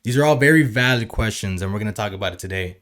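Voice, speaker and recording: Low-voiced podcast host. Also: male voice, expressive, fast, fairly bright tone, slight background noise. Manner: conversational, asks rhetorical questions. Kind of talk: casual podcast chat.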